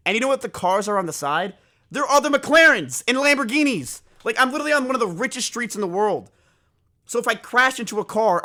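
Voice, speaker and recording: High bright-voiced young male streamer. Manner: animated, swearing, self-mocking. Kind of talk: casual storytelling to stream chat.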